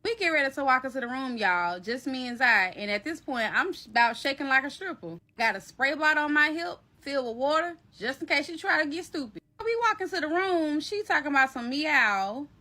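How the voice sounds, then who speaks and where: A woman telling a personal story to her viewers in a casual, animated, slangy way, calling them y'all and baby. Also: high-pitched, brisk, few pauses. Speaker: storyteller recounting a personal event.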